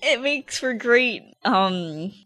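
A woman's voice: on the high side, animated, drawn-out words, bright, forceful tone. A woman co-hosting a casual fan podcast, laughing often and acting out quoted lines as she talks. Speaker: podcast co-host.

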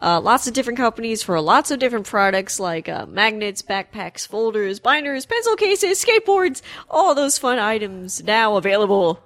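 A woman's voice: mid-range voice, normal speed, few pauses, a bit bright, no echo. A woman co-hosting a casual podcast chat, playful, teasing and blunt. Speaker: podcast co-host.

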